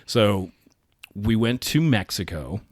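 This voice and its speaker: A man's voice: on the low side, big pitch swings, slow, dry recording, clean studio sound. A man co-hosting a podcast, telling a funny anecdote in a playful, chatty way and acting out the quotes. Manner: playful storyteller, acts out quotes. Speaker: podcast co-host. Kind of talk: casual chat.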